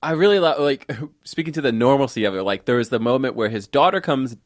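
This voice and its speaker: A man's voice: mid-range voice, expressive, quick pace, dry recording. Laughing podcast man, dry sound. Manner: laughing, acts out movie lines. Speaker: podcast co-host. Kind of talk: casual film discussion.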